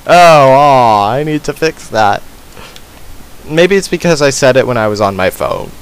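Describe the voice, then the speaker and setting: A man's voice: medium pitch, expressive, a little slow, clean tone, poor audio. A man hosting a let's play, giving casual gaming commentary in a sarcastic, self-deprecating mutter.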